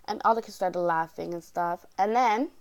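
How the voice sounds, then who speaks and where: A woman's voice: fairly low pitch, moderate pace, low-quality recording. Young woman, casual storytime vlogger, rambling and chatty. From Canada. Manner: chatty, rambling, animated quoting of others.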